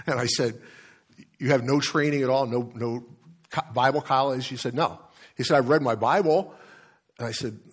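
A man's voice: medium pitch, normal speed, long pauses, slightly rough. A man, a pastor, preaching a sermon in a candid, conversational storytelling manner, often restarting phrases, then reading scripture aloud.

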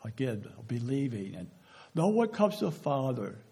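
A man preaching a sermon, slow and emphatic, often dropping to a hush on key words and asking the listeners questions. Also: mid-range voice, very animated, slightly rough. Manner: asks the audience rhetorical questions.

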